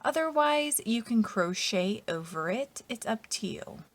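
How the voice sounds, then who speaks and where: A woman narrating a step-by-step crochet tutorial in a patient, methodical way, often trailing off softly at the ends of lines. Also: on the high side, lively intonation, a little slow. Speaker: crochet instructor.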